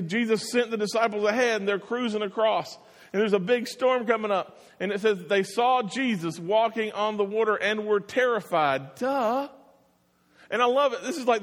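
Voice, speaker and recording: Preacher guy, high voice, acts out the bible story, long hall echo. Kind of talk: sermon.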